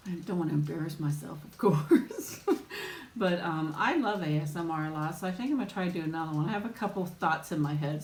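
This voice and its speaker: Hosting a laid-back mukbang live chat, this woman speaks on the low side in a roomy-sounding space. Warm greetings to viewers by name come mixed with frequent laughter and ums.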